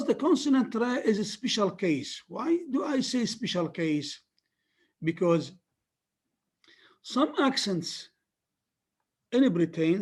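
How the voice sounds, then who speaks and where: A man with an Arabic accent giving a phonetics lecture, repeating key terms emphatically for students. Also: fairly high pitch. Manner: repetitive, emphatic teaching with many restarts.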